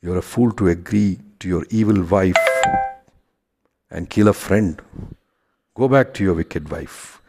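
A man doing a clever squeaky storybook monkey. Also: unhurried, vocal fry, long pauses, noisy background. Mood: scornful. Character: clever quick-witted male monkey.

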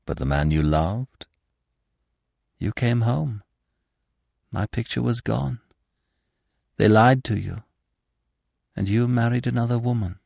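A man's voice: medium pitch, slow pace, gravelly, pauses often, a little mellow, dry recording, clean studio sound. Man voicing a yearning ghost woman. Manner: yearning, tender and pleading. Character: ghostly young woman, a burned witch, devoted lover. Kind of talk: dramatic audiobook reading.

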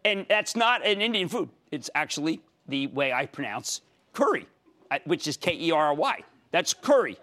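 An excitable man in his sixties with a Philadelphia-area accent, hosting a finance TV show, emphatic and given to shouting bursts. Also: fairly high pitch, moderate pace, hardly any pauses. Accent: Philadelphia-area American. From Pennsylvania. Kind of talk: energetic market commentary and call-in.

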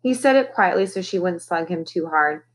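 A woman's voice: on the low side, animated, moderate pace, breathy edge. A woman, a teacher, reading a children's novel aloud expressively and raising her voice for the characters' lines.

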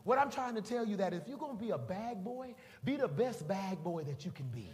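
A male preacher tells a story in an animated sermon, acting out scenes and rising to shouts at the peaks. His voice sits high for a man and swings widely. The sound carries a long hall reverb over faint room noise. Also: a little fast.

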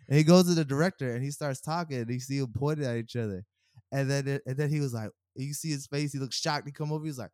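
A man co-hosting a podcast in casual chat, an animated storyteller who acts out quotes and laughs a lot. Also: on the high side, brisk, no room sound, studio quality. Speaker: podcast co-host.

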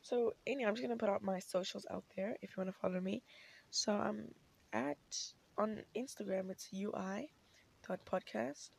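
Gravelly-voiced young woman podcaster. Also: medium pitch, fairly even intonation, moderate pace. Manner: rambling, chatty, many fillers and restarts. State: scratchy morning voice. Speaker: podcast host. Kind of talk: casual solo podcast chat. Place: inside a parked car.

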